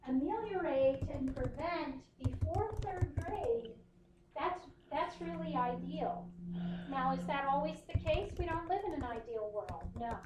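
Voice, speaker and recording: A woman's voice: high-pitched, reverberant, background noise. A woman instructor giving a conversational classroom lecture, often checking in with her students. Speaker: university instructor.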